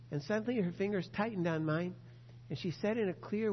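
A man preaching a sermon and reading a story aloud, earnest and emphatic, slowing down on key words. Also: high voice, a little hiss or hum. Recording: muffled sound in a reverberant hall.

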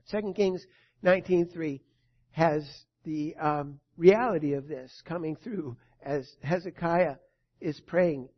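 A male pastor preaching a sermon in an earnest way, moving between soft and emphatic. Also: on the high side, takes it slowly. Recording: dull lo-fi recording.

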